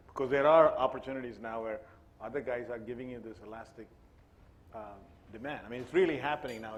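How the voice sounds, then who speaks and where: Give me a man chatting loosely on a panel, a lot of restarts, with a soft hiss underneath. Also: mid-range voice. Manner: casual and conversational, many fillers and restarts. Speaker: panelist, company IT executive. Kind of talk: panel discussion answer. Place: stage at a live panel event.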